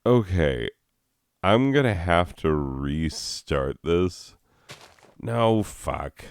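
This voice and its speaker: Brief: deep, unhurried guy ranting over gameplay, swears a lot and chuckles at himself; smooth, dry close-mic sound. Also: sing-song, no echo. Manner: rambling and profane, laughing at own jokes. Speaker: schoolteacher. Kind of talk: casual gaming commentary.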